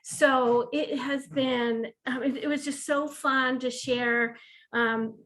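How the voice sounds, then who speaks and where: A woman's voice: high-pitched, steady tone, slow pace, fairly bright tone, low-quality recording. A woman who leads a disability ministry, telling an enthusiastic, rambling story on a video call. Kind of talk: video call roundtable sharing.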